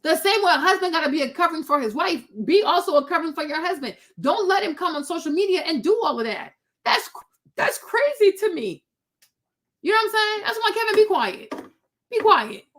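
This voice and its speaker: A woman host giving blunt, animated reaction commentary in a casual rant. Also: very high voice, fast. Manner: blunt, animated, preachy ranting.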